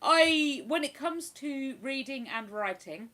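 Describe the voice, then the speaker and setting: A woman's voice: high voice, lively intonation, takes it slowly, bright, forceful tone, low-quality recording. A woman hosting a livestream, chatting casually and reading out viewer comments with frequent exclamations. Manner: chatty, exclamatory, lots of "ooh". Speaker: livestream host.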